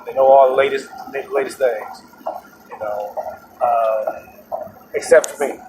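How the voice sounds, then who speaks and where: Male host, mid-pitched, rambling and laughing, taped in a car with clear road noise. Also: steady tone, unhurried. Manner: chatty, laughs often, many restarts. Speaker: podcast host. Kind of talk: rambling casual monologue. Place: moving vehicle.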